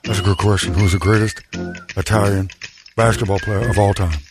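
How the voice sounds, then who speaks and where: A man's voice: on the low side, steady tone, a little fast, over music. A man hosting a sports radio show, full of brash, teasing trash talk and joking banter.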